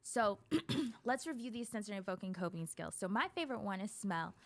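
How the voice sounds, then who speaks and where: A woman therapist talking as a guest on a casual talk show. Her voice sits in an ordinary middle pitch, and she explains things in an animated, chatty way, often breaking into a laugh. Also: a little fast.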